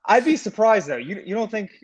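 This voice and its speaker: A man's voice: sits high, very animated, quick pace, slightly rough, lo-fi sound. A man, a life coach chatting casually as a podcast guest and calling everyone "man". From United States. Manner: easygoing, calls everyone "man". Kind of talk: casual chat.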